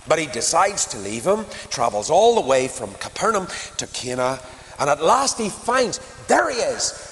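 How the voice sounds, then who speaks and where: A man's voice: fairly high pitch, big pitch swings, moderate pace, fairly bright tone, big-room sound. A man preaching a sermon, retelling a Bible story dramatically with many questions to the listeners, in a church.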